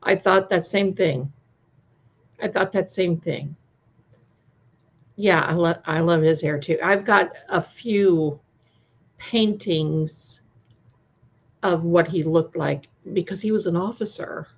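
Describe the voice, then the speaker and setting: Lady chatting live with viewers, slow and rambly, kinda lo-fi sound. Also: lowish voice, slightly rough. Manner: slow, chatty, reacting to viewer comments with frequent restarts. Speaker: co-host of a live stream premiere chat. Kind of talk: casual live-stream chat. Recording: slightly dull lo-fi sound.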